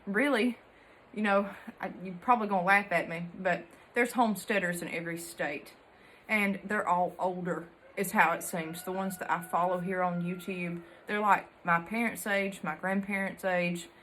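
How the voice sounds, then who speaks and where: A young woman with a Southern Alabama drawl, chatting to her viewers about growing up in the country. She tells her stories in a folksy, down-home way, full of country sayings and easy laughter, at a middle pitch. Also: fairly bright tone. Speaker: homesteading vlogger. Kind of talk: casual storytelling to camera.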